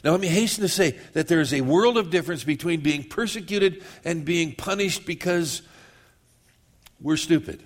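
A man preaching a sermon, slowing down for scripture and rushing through quick asides. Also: fairly high pitch. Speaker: pastor.

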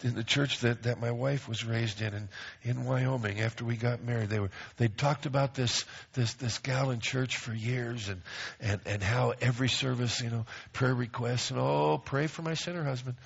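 A man's voice: medium pitch, steady tone, moderate pace, creaky, husky. A middle-aged man pastor preaching a sermon, emphatic, repeating phrases and acting out quoted voices. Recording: dull lo-fi recording.

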